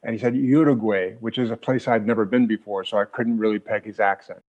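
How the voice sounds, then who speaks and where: A man's voice: lowish voice, steady tone, fairly quick, darkish tone, muffled recording. A middle-aged man co-hosting a casual podcast chat, reflective and a bit hesitant as he tells his stories. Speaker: podcast co-host.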